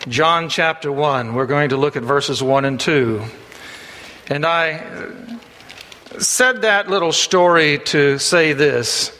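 Bright-voiced preacher in an echoing hall. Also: male voice, a little high, slight background noise. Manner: folksy storytelling with frequent "uh" fillers, rising for punchlines. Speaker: pastor. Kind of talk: sermon.

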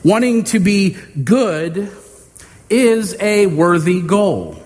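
A man preaching a sermon to his congregation, measured and emphatic, with homey humor and deliberate pauses. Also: high-pitched, sing-song, a little mellow. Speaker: pastor. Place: church sanctuary. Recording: long hall reverb.

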